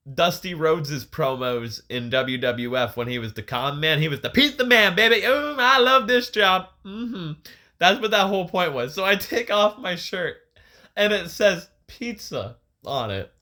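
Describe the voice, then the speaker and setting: A young man co-hosting a podcast, telling a story in casual, profane, animated chat with frequent laughs. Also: high voice. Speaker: podcast co-host. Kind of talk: casual chat, retelling a match.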